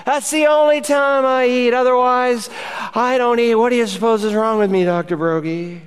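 A man's voice: very high-pitched, fairly even intonation, normal speed, clear, resonant tone, pitched above the performer's own voice. A man voicing a weak, whiny, half-starved churchgoer who complains about his feebleness. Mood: whining. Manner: plaintive and complaining.

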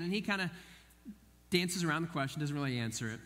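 A man preaching a sermon, telling a story in an animated way and acting out the voices of the people in it. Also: on the high side, quick pace. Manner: animated, acts out quoted voices. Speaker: pastor. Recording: long hall reverb.

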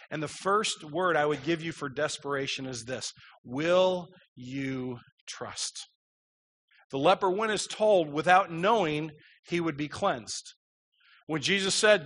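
A man's voice: high-pitched, pushed and bright. A man preaching a sermon, reading scripture aloud and explaining it, his voice rising with emphasis.

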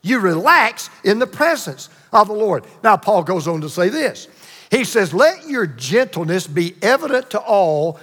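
A man preaching a sermon with emphatic repetition and dramatic pauses. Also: sits high, big pitch swings, fairly bright tone, big-room sound. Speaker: pastor.

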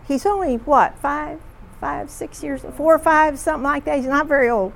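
Lady running a discussion group, kinda high voice, lots of uhs and ums while she tells the story. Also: creaky. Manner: chatty, halting, with frequent fillers. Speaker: discussion leader. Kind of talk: retelling stories to a group.

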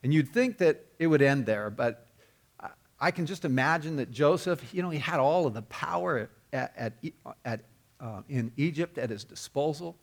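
A man's voice: on the high side, expressive, normal speed. A man preaching a sermon, telling the story earnestly and often repeating or restarting his words. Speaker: pastor.

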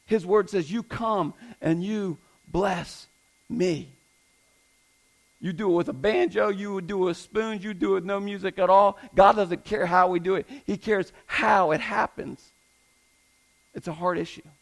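A male pastor preaching in a high-pitched voice with a gravelly edge. He drives his points home emphatically, repeating key phrases and asking the congregation pointed questions. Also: fairly even intonation, normal speed, rough recording. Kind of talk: sermon.

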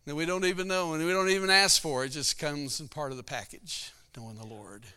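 A middle-aged man preaching a sermon through a personal story, his voice bright and crisp. He talks in a folksy, storytelling way and laughs often as he goes. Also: a little high, steady tone, a little fast. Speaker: pastor. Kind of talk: sermon testimony.

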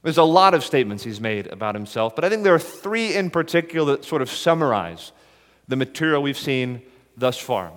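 A man preaching an earnest, measured expository sermon as a pastor. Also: mid-range voice, big pitch swings, long reverb tail.

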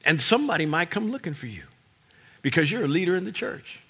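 A man preaching a sermon as pastor, swinging from hushed, low lines to loud shouted peaks and repeating words for emphasis. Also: very animated, fast, slightly rough.

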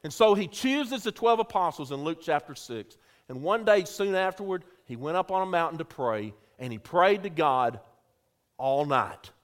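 High-voiced preacher swinging loud and soft. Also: male voice. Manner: preaching with sharp swings between loud calls and quiet asides. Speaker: pastor. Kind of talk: sermon. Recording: audio recording of a church sermon.

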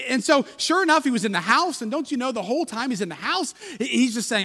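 A man preaching a sermon in a conversational, halting way, with frequent restarts. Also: very high-pitched, lively intonation, sharp tone, in a large hall. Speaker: pastor. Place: church.

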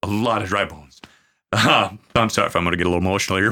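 A man speaking as a pastor in a conversational podcast, earnest, with many fillers, slowing into a preaching cadence at times. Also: deep voice, sharp tone. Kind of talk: conversational podcast talk on faith.

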